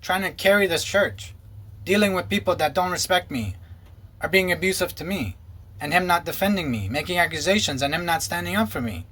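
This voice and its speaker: A former pastor and ministry co-founder gives an earnest, emotional personal testimony, quoting others in a lowered voice. He speaks fairly quickly with lively intonation and a slightly bright tone.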